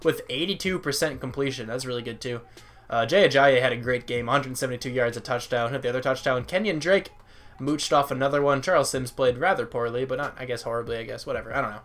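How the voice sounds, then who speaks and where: A young man talks through a football video game at a relaxed, rambling pace, thinking out loud and chatting with his viewers. His voice sits at an ordinary middle pitch, recorded close on a desk mic in a room at home. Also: fast talker. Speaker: gaming YouTuber. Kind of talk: casual let's-play commentary.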